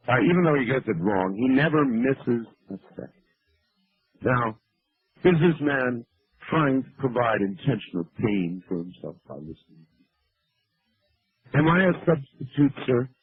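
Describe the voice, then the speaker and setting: A man's voice: mid-range voice, husky, dry recording. A man hosting a late-night call-in radio show, dry and teasing, heard on a lo-fi broadcast. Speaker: radio talk show host.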